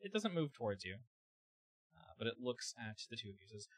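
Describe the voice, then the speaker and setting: A man narrating as game master of a tabletop game, halting and thinking aloud with fillers. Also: mid-range voice, sing-song, no echo, rough recording.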